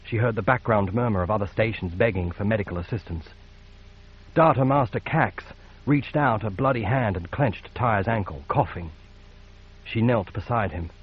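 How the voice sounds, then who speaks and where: A man with a husky, mid-pitched voice reads narration at a measured, steady pace. The recording sounds dull and lo-fi. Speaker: audiobook narrator. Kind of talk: scripted narration.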